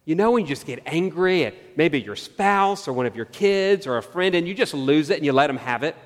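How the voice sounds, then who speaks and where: A man preaching a sermon, earnest and searching, asking his listeners questions and slowing down on key phrases. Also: on the high side, lively intonation, in a large hall. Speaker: pastor.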